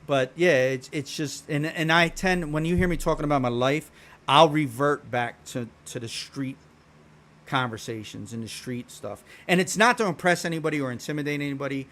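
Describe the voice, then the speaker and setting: A man's voice: a little high, normal speed, fairly bright tone. A man from Philadelphia with a Philadelphia accent, chatting casually on a stream in a slangy, laid-back way and swearing freely. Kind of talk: casual chat. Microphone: streaming microphone.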